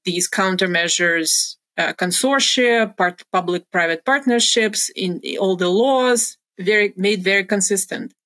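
A woman's voice: medium pitch, unhurried, few pauses, fairly bright tone. A middle-aged woman, a former pharmaceutical research executive, explaining things as an interview guest in earnest, careful steps.

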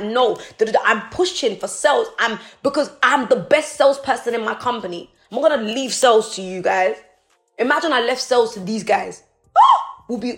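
A woman delivers a live-streamed motivational talk, preachy and pleading by turns. Her voice sits fairly high, and soft music plays faintly behind her. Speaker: motivational speaker. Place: indoors, streaming.

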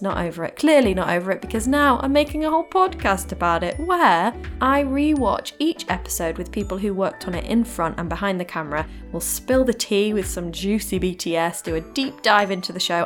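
Bubbly, chatty woman podcast host. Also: medium pitch. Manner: bubbly, chatty and self-deprecating. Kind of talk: casual chat. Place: home room beside a radiator. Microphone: desk podcast mic.

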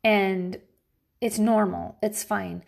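A woman talking casually from home to viewers about parenting, blunt and profane, with lots of filler words and sudden swings in pitch. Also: slow, creaky. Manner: animated, jumps between high and low pitch. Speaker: parent vlogging about teaching her kids at home. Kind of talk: casual, candid advice talk to viewers.

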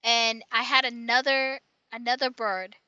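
A woman's voice: fairly high pitch, steady tone, measured pace, pushed and bright, smooth, no echo, muffled recording. A woman in casual chat, telling a long rambling story full of restarts and tag questions.

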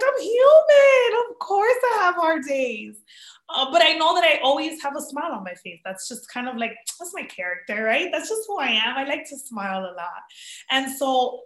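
A high, pushed, bright voice belongs to an actress in her thirties, an interview guest from a Dominican family in the U.S. who talks earnestly and mixes in Spanish. The talk is emotional and personal, recorded in an echoey room.

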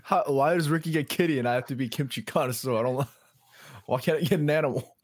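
A man's voice: mid-range voice, fast talker. A man co-hosting a casual podcast, teasing the others playfully. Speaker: podcast co-host.

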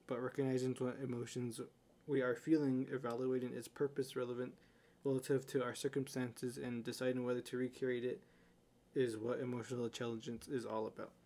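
A young man co-hosting a podcast in a middle-pitched voice. He talks earnestly and teases his friend in easy banter. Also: a little mellow. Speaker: podcast co-host. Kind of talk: casual chat.

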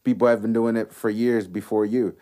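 A man's voice: on the low side, fairly even intonation, a little fast, mellow. Earnest young man giving advice. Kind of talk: casual chat.

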